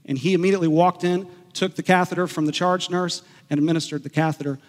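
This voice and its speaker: A man preaching a sermon as pastor, earnest and storytelling, slowing down to stress key words. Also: high-pitched, fairly even intonation, long reverb tail.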